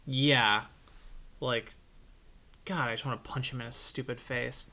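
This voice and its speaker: Bright-voiced man in casual chat. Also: mid-range voice, fairly even intonation, measured pace. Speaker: podcast co-host.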